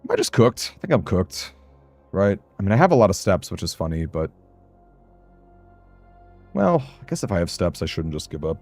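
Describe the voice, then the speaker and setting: A young man chatting casually while streaming a game, talking to his chat, self-conscious and quick to laugh. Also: sits low, very animated, a little mellow, faint music behind.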